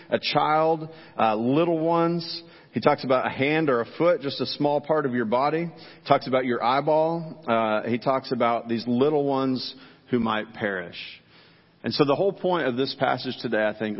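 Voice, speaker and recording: Middle-aged male pastor, laid-back and joking, preaching in a church with a long echo and a muffled, dull sound. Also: mid-range voice. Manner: casual, joking, talks straight to the congregation. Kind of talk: sermon. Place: church sanctuary.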